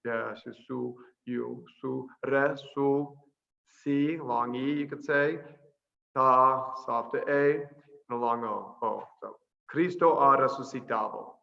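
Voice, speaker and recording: A middle-aged man, a priest, talks casually over a video call. His voice is gravelly and bright, and he is chatty and quick to laugh. He slows right down when he spells out sounds, and the audio comes through dull and lo-fi. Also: medium pitch, fairly even intonation. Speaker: priest and missionary guest.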